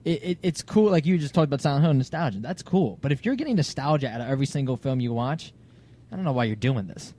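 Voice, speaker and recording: A man talking casually on a podcast, and his pitch swings widely as he goes. He sounds dismissive and critical of the people he is discussing. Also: lively intonation, fast, warm tone, a little hiss or hum. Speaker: podcast host in a played clip.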